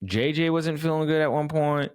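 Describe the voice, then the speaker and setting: A man's voice: fairly high pitch, normal speed, clean tone. A man in his thirties co-hosting a podcast, telling a story and acting out what people said. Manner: animated storyteller, acts out quotes. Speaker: podcast co-host. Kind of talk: casual chat.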